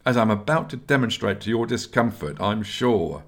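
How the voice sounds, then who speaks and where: A man's voice: fairly low pitch, lively intonation, normal speed, pitched above the performer's own voice. A man reading aloud and voicing a sly, mocking young male squire in a storybook. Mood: teasing.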